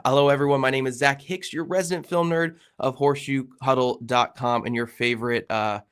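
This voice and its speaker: A man's voice: medium pitch, fairly even intonation, brisk, a bit bright. A man hosting a sports podcast, talking casually with a nasal, congested voice from a cold. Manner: gravelly, conversational with frequent fillers. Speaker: podcast host.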